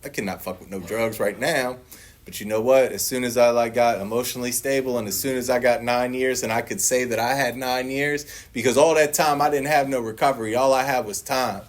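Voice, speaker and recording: A man's voice: mid-range voice, fairly quick, hardly any pauses. A man giving a personal recovery testimony to a meeting audience, telling it as a profane, joking story, laughing often and acting out his own past lines in a livelier voice. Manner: laughs often and shifts into a lively voice when quoting himself.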